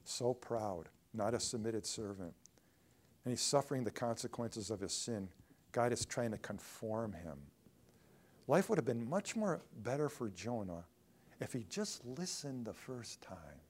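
A man preaching a sermon in a church, swinging between loud emphatic lines and hushed ones. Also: medium pitch, sing-song, unhurried, husky. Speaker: pastor.

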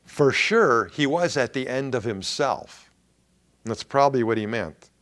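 A middle-aged male pastor preaching a sermon in an earnest, emphatic way with dramatic pauses. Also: medium pitch, expressive, fairly bright tone.

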